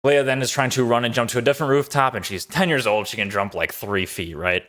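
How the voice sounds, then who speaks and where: A man's voice: mid-range voice, quick pace, a bit bright. A man casually recapping and reviewing a TV episode, upbeat and rambling with lots of fillers. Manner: enthusiastic, loose with many fillers. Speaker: show reviewer.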